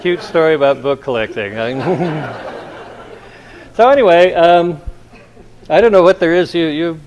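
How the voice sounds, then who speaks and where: A man's voice: a little high, animated, normal speed, darkish tone, highs cut off, some chatter behind, slight background noise. A man, an author, speaking to a convention audience and telling rambling anecdotes, chuckling between stories.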